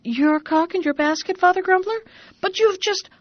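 A woman voicing a panicked innkeeper and his wife, crying out in a shrill, frantic storybook voice, in a dull lo-fi recording. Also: moderate pace, no room sound.

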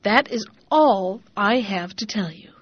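A woman reading the lines of a stern old male holy hermit in a slow, solemn storybook voice, in a dull lo-fi recording. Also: medium pitch, animated, no echo.

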